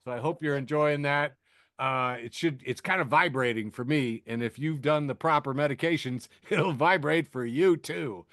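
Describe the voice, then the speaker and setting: A man's voice: on the high side, normal speed, fairly bright tone, no echo, studio quality. Sardonic man hosting a podcast, laughing. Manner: sardonic, laughs at own jokes; filler-heavy, restarting. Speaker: podcast host. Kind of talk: casual news chat.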